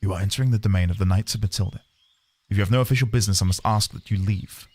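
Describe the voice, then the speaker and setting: A man's voice: on the low side, rapid-fire, a little mellow, pitched below the performer's own voice, close to an everyday voice. A man voicing a stern male knight guarding a border, clipped and officious.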